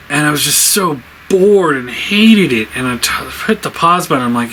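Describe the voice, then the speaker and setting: A man's voice: mid-range voice, fairly quick, hardly any pauses, sharp tone, slight background noise, rough recording. A man giving a casual spoken review, rambling with many fillers, laughing often, sounding exasperated.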